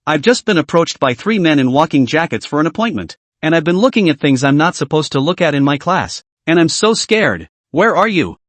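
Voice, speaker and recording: An anxious company boss, nervous and pleading, read by a man in his own voice. The delivery is dry and close, with an animated pitch that moves up and down. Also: fairly quick, hardly any pauses, no room sound.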